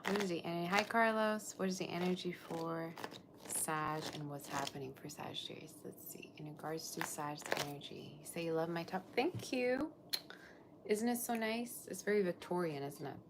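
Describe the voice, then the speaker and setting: A woman's voice: fairly low pitch, moderate pace, noisy background. A woman reading tarot on a live stream, gushing over her viewers and chatting loosely between cards. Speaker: tarot reader.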